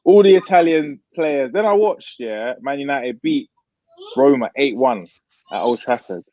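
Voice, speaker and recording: A man's voice: mid-range voice, lively intonation, a little slow, warm tone, highs cut off. A man in casual football banter, arguing his point with rhetorical questions. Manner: argumentative, explains with rhetorical questions. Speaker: co-host.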